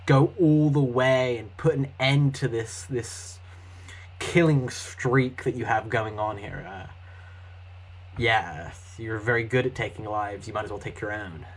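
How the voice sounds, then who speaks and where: A man's voice: mid-range voice, a little slow, rough recording. A man answering his critics in a reaction video, defensive and sarcastic, swearing now and then.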